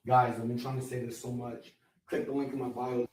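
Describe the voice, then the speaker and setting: A man's voice: medium pitch, flat delivery, a little mellow, far from the mic. Brash, profane man streaming from a hotel room. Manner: brash, profane, rapid rants. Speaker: live streamer. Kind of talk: live stream, talking to chat and a dispatcher. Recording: roomy sound, away from the mic.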